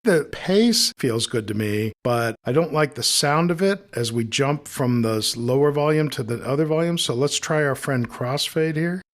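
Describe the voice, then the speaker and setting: In a screen-recorded tutorial, a man teaches audio editing, thinking aloud as he demonstrates each step in a relaxed, explanatory manner. His voice is mid-range, his speed normal, and he hardly pauses.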